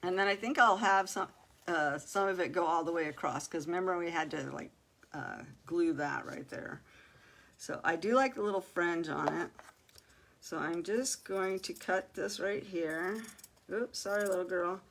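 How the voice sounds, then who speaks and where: A woman's voice: lowish voice, moderate pace, a bit bright. An older woman hosting a casual crafting livestream, chatting straight to her viewers, exclaiming and laughing often as she works.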